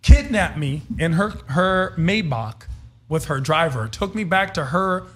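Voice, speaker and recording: A man co-hosting a casual talk show, telling an animated story and dropping "bro" and "yo.". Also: fairly high pitch, measured pace. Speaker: co-host. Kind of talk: casual podcast chat. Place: studio.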